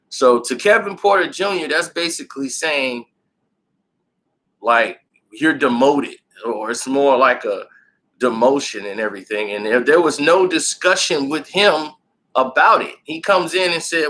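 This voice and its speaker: Animated, bright-voiced male sports vlogger. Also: medium pitch, a little slow, rough recording. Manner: animated storytelling, laughs often. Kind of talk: casual sports commentary.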